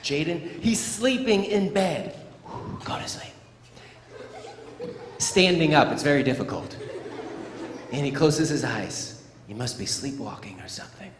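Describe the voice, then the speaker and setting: A lively motivational speaker addresses a school assembly in a gym or auditorium, his voice a little high at a normal speed. Playful and animated, he acts out scenes for the children, recorded in an echoey hall with faint crowd noise.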